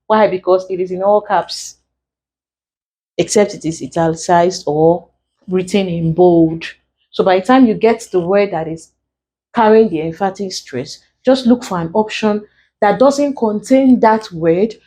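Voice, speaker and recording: A woman's voice: medium pitch, dark tone, slightly rough. Patient woman teaching step by step. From Nigeria. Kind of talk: exam tutorial.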